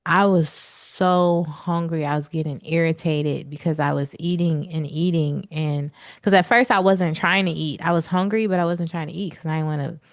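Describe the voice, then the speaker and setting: A woman with a fairly low voice chats bluntly and casually, swearing without a second thought. Her voice sounds dry and close, with no room around it. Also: moderate pace, few pauses, no echo. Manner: blunt, relaxed, swears freely. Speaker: podcast co-host. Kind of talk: casual chat.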